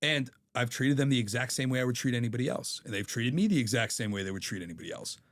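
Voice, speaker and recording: A man's voice: medium pitch, fast talker. A man in his thirties, a podcast guest telling stories in a candid, profane way. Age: 30s. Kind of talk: casual chat.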